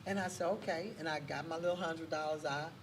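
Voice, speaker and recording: A woman telling a faith story as a guest on a casual talk show, lively and full of church exclamations. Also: sits low, fairly quick. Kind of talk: testimony in a casual chat. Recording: distant mic with faint background noise.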